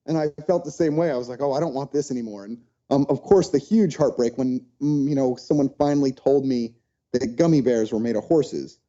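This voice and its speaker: Dark-voiced man telling stories animatedly. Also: medium pitch, normal speed, muffled recording. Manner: animated storyteller, acts out quotes. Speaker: podcast guest. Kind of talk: casual storytelling interview.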